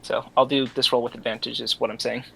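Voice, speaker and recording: A man's voice: medium pitch, little pitch movement, fast, creaky, a bit bright, slight background noise, poor audio. Hesitant man explaining game rules. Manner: hesitant, reading rules aloud. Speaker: player. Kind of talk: casual tabletop play.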